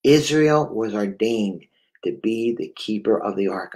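A man's voice: lowish voice, animated, measured pace, darkish tone, low-quality recording. A man with a New England accent preaching a fervent sermon, often stammering and repeating words.

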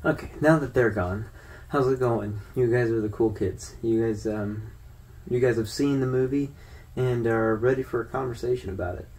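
A man's voice: medium pitch, normal speed, darkish tone, distant mic. A man giving a casual, rambling film review to his viewers, with fillers and restarts. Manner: conversational, loose with fillers and restarts.

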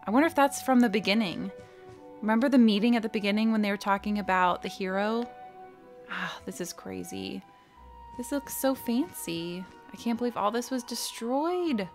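Woman, gameplay commentary, chatty, excitable, bit higher voice, faint game music. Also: normal speed. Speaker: let's play gamer.

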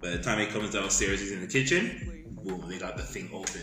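A man whose voice sits low talks briskly as a podcast co-host, casually retelling a film's plot. He swears freely and acts out sound effects in animated storytelling chat, and the recording has an echoey room sound.

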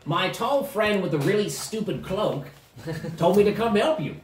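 A man's voice: high-pitched, animated, moderate pace, voice pushed up. A man doing a mad forgetful gnome wizard. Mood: rambling. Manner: erratic, jumps between giddy and hushed. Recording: echoey room, far from mic, faint noise.

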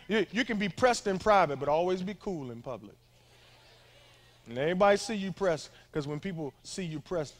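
A middle-aged male pastor giving a sermon to a young crowd, talking in a loose, joking way with asides to the listeners. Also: high-pitched. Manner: conversational, humorous preaching with asides to the crowd.

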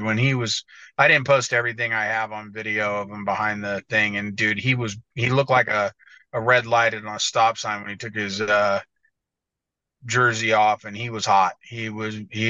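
A man's voice: medium pitch, bright, forceful tone, no echo. A man co-hosting a casual podcast, telling rambling, profane stories. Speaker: podcast co-host, motocross editor. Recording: dull, dry lo-fi audio.

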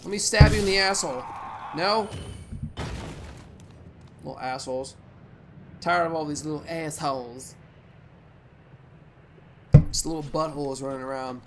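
A young man hosting a let's play, giving rambling, profane gameplay commentary with sudden loud outbursts. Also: on the high side, noisy background.

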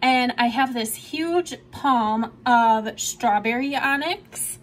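A young woman, chatting casually and enthusiastically as she shows off her collection at home, sometimes dropping to soft asides. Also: a little high, slow pace, slight background noise. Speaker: vlogger. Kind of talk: casual show-and-tell. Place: home room.

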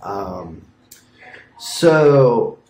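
Young male podcast co-host, lively up-and-down delivery, rambling storyteller, echoey room. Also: lowish voice, drawn-out words, gravelly. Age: young adult. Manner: rambling, filler-heavy, laughs at own stories. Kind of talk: casual storytelling chat.

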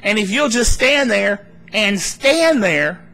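A man preaching a live sermon at a church meeting, animated and laughing between points, acting out worried voices. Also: sits high, takes it slowly, gravelly. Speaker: pastor.

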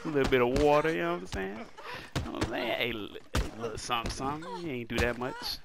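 A man's voice: mid-range voice, animated, quick pace, gravelly, background noise. A man, a gaming streamer doing casual commentary, joking trash talk and laughing often.

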